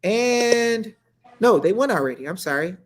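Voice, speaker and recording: A man co-hosting a casual political talk show, playful and quick to exclaim and laugh. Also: high-pitched, expressive, a little hiss or hum. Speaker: co-host.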